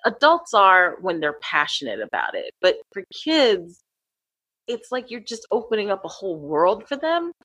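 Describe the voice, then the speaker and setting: A woman's voice: medium pitch, normal speed, husky, no echo, rough recording. A middle-aged woman who teaches acting and accents, chatting casually and laughing often as she tells stories. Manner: animated, laughs often, slips into quoted voices. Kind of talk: casual conversation.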